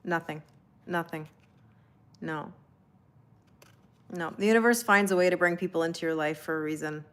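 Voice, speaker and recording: A woman's voice: on the low side, quick pace, fairly bright tone, clear, resonant tone. A woman hosting a casual live tarot reading, chatting and laughing with viewers and reading their comments aloud in a reassuring tone. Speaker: tarot reader hosting a livestream.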